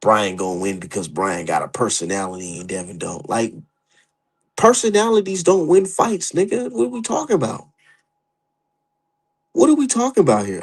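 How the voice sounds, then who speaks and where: A young adult man giving profane, heated, animated commentary as a boxing streamer. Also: mid-range voice, slightly rough, poor audio. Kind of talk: casual ranting commentary.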